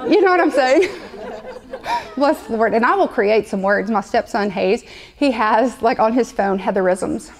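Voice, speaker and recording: A woman's voice: a little high, normal speed. A woman preaching a sermon to a live congregation, conversational and playful, repeating her points often. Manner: conversational, repetitive, playful asides.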